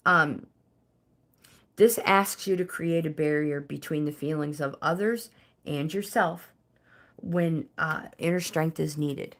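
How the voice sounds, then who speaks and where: Woman, lowish voice, chatty live-stream tarot reader who talks to her viewers. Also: slow pace, fairly bright tone. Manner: chatty, talks to viewers by name, reads card meanings. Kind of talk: casual live-stream card reading.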